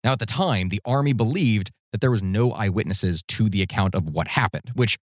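A man's voice: fairly low pitch, animated, a little fast, dry recording, clean studio sound. A man hosting a podcast, telling a history story in a casual, conversational way with loose fillers. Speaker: podcast host.

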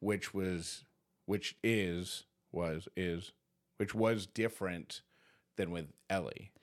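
A man's voice: sits low, steady tone, slow pace. A man co-hosting a podcast with his wife, joking in a laid-back, self-mocking way. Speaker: podcast co-host, her husband. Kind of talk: casual conversation.

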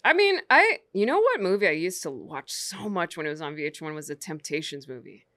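A woman comedian talking in a relaxed, lively way, her voice pitched a little low but moving with a lot of expression. The recording is dry and close. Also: no room sound. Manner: lively, quick, breaks into sung lines. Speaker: comedian guest. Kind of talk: casual comedic chat.

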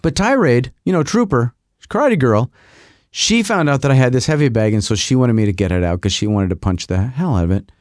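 A man's voice: animated, a little fast, a little mellow, dry recording, clean studio sound. A man hosting his own podcast, rambling through a casual monologue with self-mocking asides. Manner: rambling, self-mocking, mimics agency people in a higher voice. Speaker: podcast host.

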